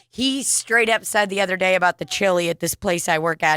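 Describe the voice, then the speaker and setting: A woman's voice: lowish voice, fairly quick, fairly bright tone, slight background noise. A woman with a St. co-hosting a comedy podcast, chatting bluntly and profanely and laughing often. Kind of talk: casual comedic chat.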